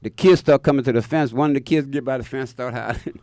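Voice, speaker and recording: A man hosting a radio show, telling a long profane story in casual chat, animated and acting out the voices of the people in it. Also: medium pitch, quick pace, no room sound, clean studio sound. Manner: animated, acts out quoted voices, laughs mid-story. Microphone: studio mic.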